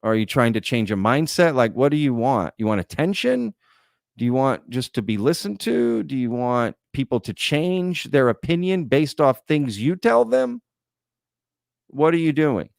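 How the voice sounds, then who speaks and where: A man's voice: mid-range voice, very animated, normal speed, vocal fry, dry recording, clean studio sound. A man hosting a live stream, reading chat comments aloud and lecturing bluntly. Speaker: host.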